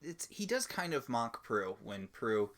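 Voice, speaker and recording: A man's voice: mid-range voice, sing-song, unhurried, a bit bright. A man co-hosting a TV recap podcast in casual chat, chatty and rambling. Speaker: podcast co-host.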